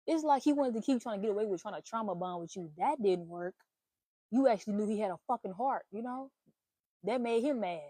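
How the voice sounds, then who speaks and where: Animated, blunt woman with a mellow voice. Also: mid-range voice, brisk, no room sound. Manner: animated, swearing, playful exclamations. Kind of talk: casual spiritual reading monologue.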